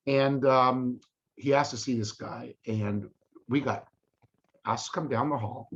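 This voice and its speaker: A man's voice: medium pitch, unhurried. An older man telling real estate stories in a casual monologue, acting out the people he quotes. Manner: animated, acts out quoted voices. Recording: dull lo-fi audio.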